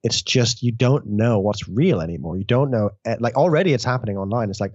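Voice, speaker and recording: A man's voice: mid-range voice, a little fast, no echo. Man telling stories, dull audio. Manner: animated storytelling, frequent restarts, casual swearing. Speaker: guest author. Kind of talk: conversational interview.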